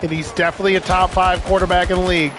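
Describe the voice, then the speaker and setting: A man's voice: sits high, little pitch movement, racing, background noise. A man streaming a game, telling rambling, profane stories with frequent laughs. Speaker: gaming streamer. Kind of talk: casual storytelling while gaming.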